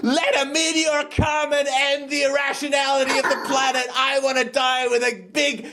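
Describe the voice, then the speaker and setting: A man's voice: very high-pitched, little pitch movement, normal speed, voice pushed up. A man putting on a furious adult who screams and rages at the top of his voice. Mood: raging. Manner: shouting, raging.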